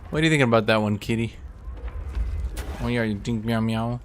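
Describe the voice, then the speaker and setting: A man's voice: mid-range voice, moderate pace, long pauses, background noise. A man in his thirties giving casual game commentary to his chat. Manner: chatty, coos baby talk at a cat. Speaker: streamer.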